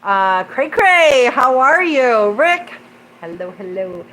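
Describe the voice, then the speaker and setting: A woman's voice: fairly high pitch, very animated, sharp tone, poor audio. A woman hosting a casual livestream, rambling with many fillers as she reads and answers viewer comments. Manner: rambling, many fillers, pauses to read chat.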